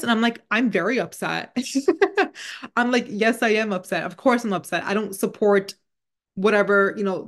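A woman talks in a loose, chatty way, retelling an everyday encounter. Her voice sits at a middle pitch, and she fills her speech with small asides and fillers as she goes. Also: fairly bright tone. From Indian heritage. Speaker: spiritual channel. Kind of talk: casual storytelling monologue.

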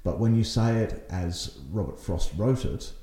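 Podcast host, male, low mellow voice, reflective explainer, roomy echo. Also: a little slow. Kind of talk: casual discussion.

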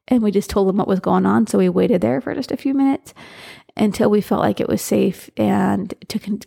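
Woman podcast host, earnest storyteller, super gravelly fry, kinda husky. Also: mid-range voice, mellow. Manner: earnest storytelling with many restarts and fillers. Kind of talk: casual solo talk.

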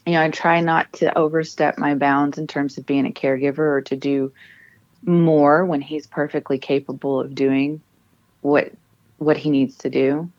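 A woman's voice: deep voice, flat delivery, normal speed, darkish tone, dry recording, highs cut off. A woman in her thirties, a military spouse and author, telling her family's story with earnest emotion and frequent restarts. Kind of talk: personal storytelling in an interview.

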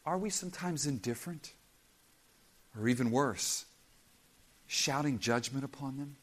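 A man's voice: medium pitch, measured pace, fairly bright tone. A man preaching a sermon as pastor, impassioned and emphatic, acting out quoted voices.

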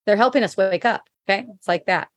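A woman's voice: mid-range voice, fast, dry recording, studio quality. A middle-aged woman hosting a casual spiritual chat, reading viewer comments aloud, laughing often and swearing freely.

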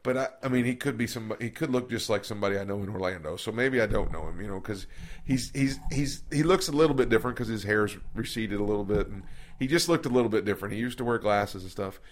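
A man's voice: lowish voice, quick pace. Folksy rambling man telling stories. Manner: folksy, rambling, many restarts and repeated words. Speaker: podcast co-host. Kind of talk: casual conversational storytelling. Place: office recording room.

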